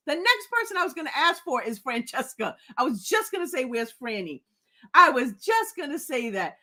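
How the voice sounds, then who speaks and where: Bright and forceful, this woman's high voice carries her livestream book club chat. She hosts it live, laughing, reading out viewer comments, and getting giddy and teary with happiness.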